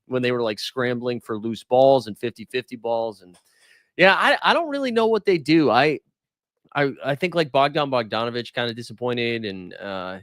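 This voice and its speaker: A man co-hosting a podcast, chatting casually about basketball, animated and joking, often laughing. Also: mid-range voice, normal speed, no echo, clean studio sound. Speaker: podcast co-host. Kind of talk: casual sports chat.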